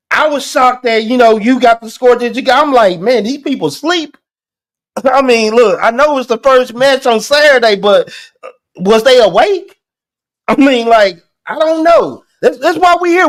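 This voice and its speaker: A man hosting a poetry show, talking in a casual, animated way with lots of restarts and slang. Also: extremely high pitch. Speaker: host. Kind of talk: casual chat.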